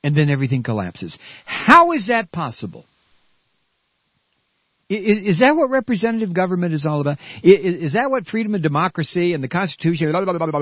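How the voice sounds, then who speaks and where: A man's voice: sits high, huge pitch swings, normal speed, no room sound, lo-fi sound. A man hosting a radio talk show, ranting furiously with stammers and profanity. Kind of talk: angry political rant.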